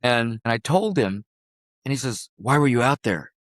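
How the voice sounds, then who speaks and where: An older man from Illinois, a podcast guest telling a story in an unhurried way and acting out the lines of the people in it. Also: medium pitch, lively intonation, fairly bright tone, no echo, studio quality. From Illinois, USA. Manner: vivid, unhurried storyteller who acts out quoted dialogue. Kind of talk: storytelling in a conversation.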